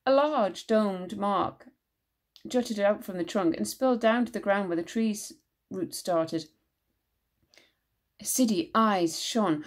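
A woman teacher reading a children's book aloud with expressive storytelling narration. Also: medium pitch, slow pace, pauses often.

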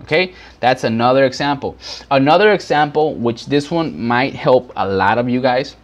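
A man at an average pitch talks viewers through business examples in a casual, unscripted way. He rambles, restarts his sentences and fills gaps with uh and you know. He keeps calling his audience guys. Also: moderate pace. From Houston, Texas. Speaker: business vlogger. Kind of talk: casual teaching monologue. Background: background noise.

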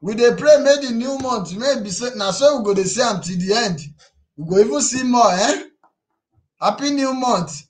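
A man's voice: very high-pitched, normal speed. A man with a Nigerian Pidgin English accent hosting a casual live stream, teasing viewers and reading out their comments. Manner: animated, teasing, reads viewer comments aloud. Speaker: YouTube live stream host.

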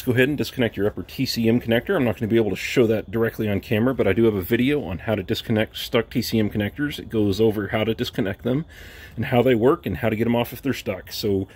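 A man giving casual, matter-of-fact step-by-step instructions for a home car repair, with plain talk and wry asides. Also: medium pitch. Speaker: DIY car repair vlogger. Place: home driveway, working under a car.

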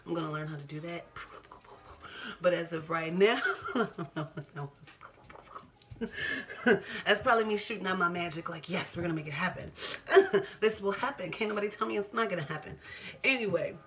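A woman's voice: on the low side, normal speed, pauses often, fairly bright tone. A woman in her twenties speaking candidly to camera as a vlogger, laughing often and repeating herself for emphasis. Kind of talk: casual personal talk to camera.

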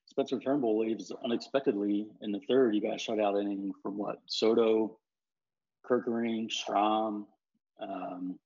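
A man talking baseball as a reporter in a casual chat. He speaks haltingly, with many fillers and restarts. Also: lowish voice, fairly even intonation, a little mellow, highs cut off.

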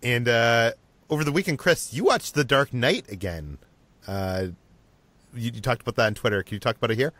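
A man hosting a podcast, chatting casually with a conversational manner that trails off quietly. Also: mid-range voice, animated, fairly quick. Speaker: podcast host.

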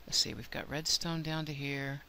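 A woman's voice: low-pitched, normal speed, pushed and bright, slight background noise. Chatty older woman narrating gameplay. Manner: chatty, thinks aloud, self-deprecating. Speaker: let's play host. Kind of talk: gameplay commentary.

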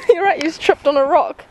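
In a family vlog, a woman chats casually and playfully, cooing at her pets. Her voice is high and fairly quick, recorded on a home camera with clear background noise.

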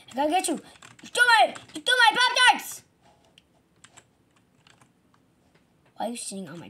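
A woman's voice: extremely high pitch, noisy background, pitched above the performer's own voice. Woman doing a shrieking furious young man. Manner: shouting, frantic, indignant. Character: furious young male gamer robbed of snacks. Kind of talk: game role-play.

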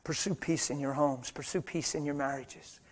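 A middle-aged man preaching a sermon in a church, moving between quiet, hushed storytelling and loud, fervent exhortation. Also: fairly high pitch, fairly even intonation, normal speed.

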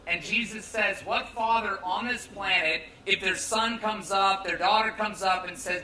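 A man's voice: sits high, unhurried, hardly any pauses, sharp tone, reverberant, far from the mic, a little hiss or hum, rough recording. A young American man preaching a youth sermon in a casual, joking, conversational way. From United States. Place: large tent at a campground.

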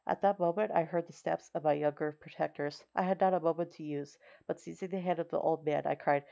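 A woman narrating an audiobook in a steady, measured reading. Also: sits low, gravelly. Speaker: audiobook reader. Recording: slightly dull recording.

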